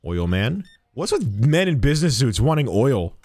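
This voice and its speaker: A man's voice: mid-range voice, very animated, moderate pace, a little mellow. A young man streaming a game, chatting playfully as he plays a shopkeeper and jokes with customers. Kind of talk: let's-play commentary.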